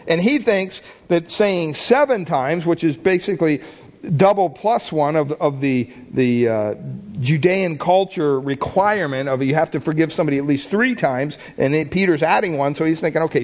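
A man preaching a sermon, talking in a conversational way and putting questions to the congregation. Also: fairly high pitch. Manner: conversational, asks the listeners questions. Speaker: pastor.

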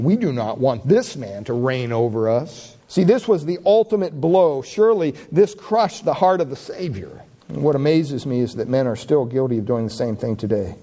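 A man preaching a sermon with passion, reading scripture aloud and rising in pitch and volume on key lines. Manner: impassioned preaching, swells louder and higher on key lines.

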